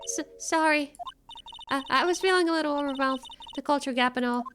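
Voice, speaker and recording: A woman's voice: high-pitched, a little fast, music in the background, natural voice. A woman voicing a shy, flustered young female sidekick, hesitant and stammering.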